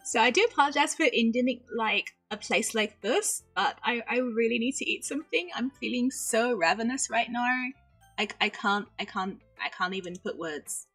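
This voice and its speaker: A bubbly woman chatting casually on a game livestream, giggling often and slipping Japanese phrases into her talk. Her voice sits a little high and sounds very bright. Soft music plays faintly behind her. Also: normal speed, slightly rough. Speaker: VTuber streamer.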